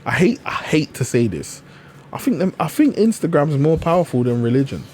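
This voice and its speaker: A man's voice: on the high side, big pitch swings, darkish tone, a little hiss or hum. A man co-hosting a podcast, casual and emphatic, often agreeing over and over. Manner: emphatic, lots of rapid agreeing. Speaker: podcast co-host. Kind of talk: casual banter.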